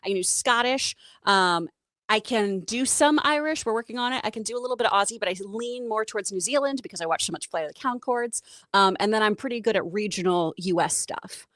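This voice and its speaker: A woman co-hosting a casual show, chatty and enthusiastic with quick reactions. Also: mid-range voice, fairly bright tone, no room sound, clean studio sound. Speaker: co-host. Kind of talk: casual chat.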